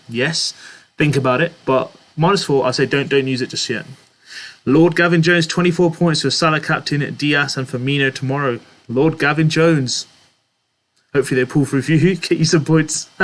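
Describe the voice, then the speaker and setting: A young man with a medium-pitched, fairly bright voice hosts a casual live stream. He reads out viewers' chat messages and answers them chattily, laughing often.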